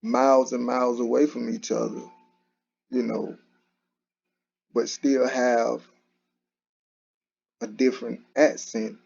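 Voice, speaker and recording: Husky, gravelly-voiced man with a dark tone. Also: mid-range voice, level tone, slow, long pauses. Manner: conversational, repetitive, with frequent restarts and "you know". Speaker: commentary channel host. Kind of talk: casual solo commentary. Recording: dull lo-fi recording.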